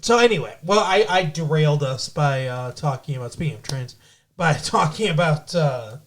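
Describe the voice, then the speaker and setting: A man's voice: fairly high pitch, animated, moderate pace. A man co-hosting a podcast in casual chat, rambling and swearing, often stopping to restart his point. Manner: rambling, profane, self-interrupting. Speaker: podcast co-host.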